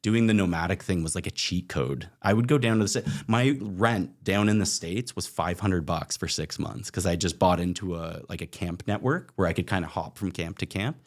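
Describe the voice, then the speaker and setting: A young man from Canada talks as a podcast guest, his voice sitting a little low. He tells stories in a loose, chatty way, sprinkling in "like" and slipping into little voices for the people he quotes. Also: moderate pace, hardly any pauses. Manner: animated, acts out quoted voices, frequent "like" fillers. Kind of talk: casual storytelling chat.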